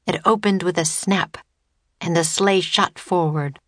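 Woman narrator, children's audiobook, steady, dry booth sound. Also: lowish voice, unhurried, no room sound. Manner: clear, steady storytelling.

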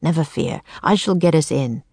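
A woman's voice: low-pitched, lively intonation, moderate pace, creaky, a little mellow, husky, no echo, exaggerated voice. A woman doing a jaunty boy sorcerer. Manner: jaunty, declaiming, old-fashioned phrasing. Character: cheerful bold boy sorcerer, old-fashioned speech.

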